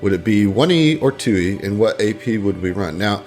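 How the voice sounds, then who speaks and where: A man's voice: lowish voice, lively intonation, moderate pace, a little mellow, faint music behind. A man co-hosting a tabletop podcast, giving easygoing advice and hedging often in casual chat. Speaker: podcast co-host.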